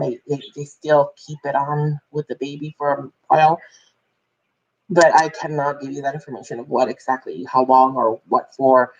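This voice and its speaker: A woman's voice: extremely low pitch, muffled recording. A woman vlogger telling a personal story in a candid, rambling way, full of fillers and restarts.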